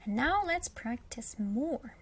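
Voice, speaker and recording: Russian-accented woman teacher, slow and patient, a touch high, beginner lesson. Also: expressive, fairly bright tone, breathy edge. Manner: slow, patient, repeats example words with emphasis.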